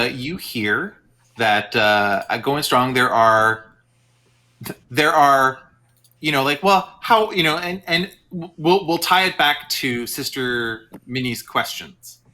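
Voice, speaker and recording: A man's voice: medium pitch, pushed and bright. A man narrating a tabletop game as game master, rambling with many fillers.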